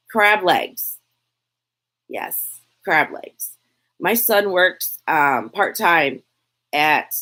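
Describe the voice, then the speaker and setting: A chatty woman, hosting a casual live Q&A from her phone. Her voice sits fairly low, and she talks at an unhurried, slow pace. She reads comments aloud and laughs easily between answers. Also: a bit bright. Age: 40s. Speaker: lifestyle vlogger, live Q&A host. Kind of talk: casual live-stream chat answering viewer questions.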